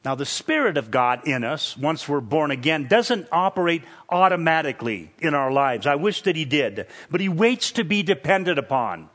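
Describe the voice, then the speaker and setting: Man, preacher, slightly high voice, measured emphatic teaching, expository sermon. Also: expressive, a bit bright.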